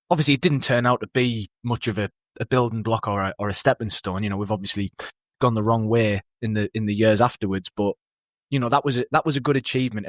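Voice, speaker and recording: A man's voice: medium pitch, dry recording, clean studio sound. A man on a casual football podcast panel, laid-back and rambling, often chuckling.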